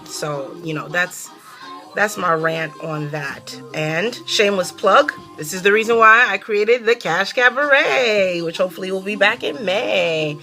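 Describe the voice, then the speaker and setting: A young adult woman from New York hosting her own casual talk show, animated and sassy, cursing freely and laughing often. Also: mid-range voice, a little slow, soft background music. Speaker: host.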